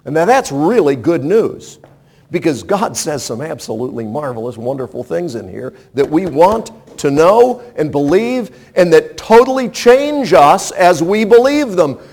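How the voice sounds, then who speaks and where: A man's voice: fairly high pitch, sing-song, measured pace, a little mellow. A man preaching a sermon in an emphatic way, often asking the congregation rhetorical questions.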